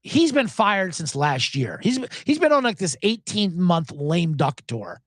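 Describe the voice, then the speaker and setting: A male podcast host riffs on his picks in an animated, sarcastic way and swears freely. His pitch swings widely, and the dry recording has no room sound. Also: a little slow, no room sound. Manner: animated, sarcastic, profane, laughs often. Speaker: sports betting podcast host. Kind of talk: casual solo podcast talk.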